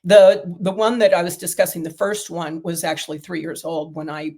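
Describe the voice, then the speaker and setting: A woman's voice: fairly low pitch, level tone, normal speed, mellow. A middle-aged woman, a guest on an interview, telling long stories in casual talk with many fillers and restarts. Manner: rambling, storytelling with many fillers. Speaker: guest, diet protocol developer.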